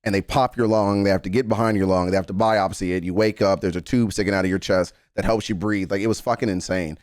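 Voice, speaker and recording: A man's voice: low voice, steady tone, fast, no echo, studio quality. A man in his thirties giving an emotional song reaction commentary, earnest and emphatic, swearing often. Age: 30s.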